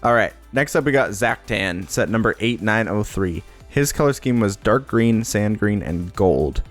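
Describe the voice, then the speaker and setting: Male host, low voice, easygoing chat, lots of "like" and "um". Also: normal speed, faint music behind. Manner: relaxed, filler-heavy, rambling. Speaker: podcast host. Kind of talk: casual talk-show chat.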